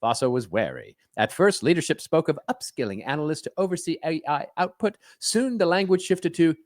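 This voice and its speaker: A man's voice: a little high, sing-song, brisk, no room sound, clean studio sound, pitched above the performer's own voice. A man doing an old-timey newsreel announcer. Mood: mock-dramatic. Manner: theatrical, mock-grand announcing.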